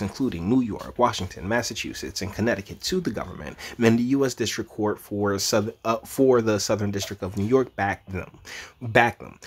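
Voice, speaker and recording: A young man giving casual, animated commentary on news articles, reading passages aloud and reacting. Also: breathy edge. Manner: animated, jumps into high mocking voices when quoting. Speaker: commentary vlogger.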